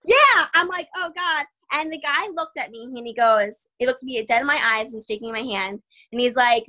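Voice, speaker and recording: A young adult woman, an MMA fighter, telling stories in an interview in a lively way, quick, full of "like" and laughter. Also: high voice. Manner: animated, fast, full of "like" and laughter. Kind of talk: casual storytelling interview.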